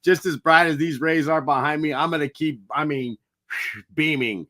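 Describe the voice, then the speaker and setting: A man co-hosting a podcast, speaking earnestly and warmly about loyalty and sticking to it. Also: on the high side, normal speed. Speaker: podcast co-host. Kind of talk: casual chat.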